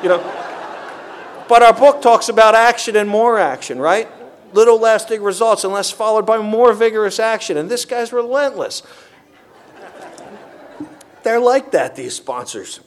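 A man telling his recovery story to a meeting in an earnest, animated way. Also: sits high, normal speed, a little hiss or hum. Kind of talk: personal recovery testimony.

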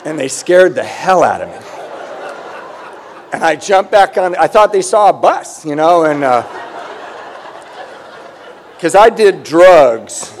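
A man's voice: on the high side, very animated, normal speed, long pauses, slight background noise. A middle-aged man telling his recovery story with humor, candid and self-deprecating. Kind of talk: personal testimony with humor.

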